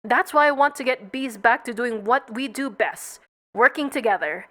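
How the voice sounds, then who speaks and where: Woman voicing earnest young bee hero, rousing speechmaker, high, bright tone, lively pitch. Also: moderate pace.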